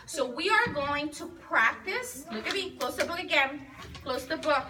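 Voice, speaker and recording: With a crowd audible behind her, a woman teacher leads young children in guided reading in a school classroom, patiently prompting and stretching out words. Her high voice is animated and moves at a normal speed, and the recording comes from a far-off device amid classroom noise.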